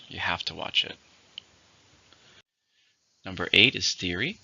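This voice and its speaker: Gravelly, bright-voiced male vocabulary teacher. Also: deep voice. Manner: slow, clear, deliberate pronunciation drills. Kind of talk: recorded vocabulary lesson. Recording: dull lo-fi recording.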